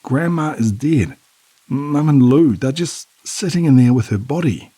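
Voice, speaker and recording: Guy reading as a panicked young woman in a horror story, pleading, husky low voice climbing up. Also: a little slow, mellow, exaggerated voice. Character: frantic young woman, narrator's daughter.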